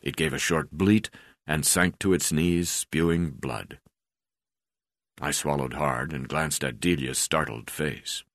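A man reading his own memoir aloud in a steady pace, with frequent hesitation fillers. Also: very deep voice, slow pace, no echo, studio quality. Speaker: memoir narrator.

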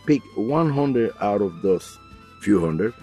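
Lively low-voiced man, laughing storyteller. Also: slow, husky, faint music behind. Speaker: musician guest. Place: studio.

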